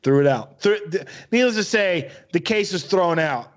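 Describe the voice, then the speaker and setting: Man, podcast co-host, animated storyteller, swears a lot, lively pitch, fairly high voice. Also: normal speed. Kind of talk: casual chat.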